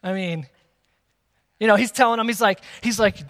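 A man preaching a sermon to a congregation, lively and emphatic, with playful asides. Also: sits high, normal speed. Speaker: pastor. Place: church hall with long reverb. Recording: reverberant church hall.

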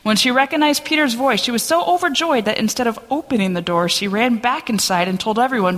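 A woman pastor giving a sermon and reading scripture aloud in an earnest, steady voice, in a church sanctuary. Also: a little high, fairly quick, hardly any pauses. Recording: long church reverb.

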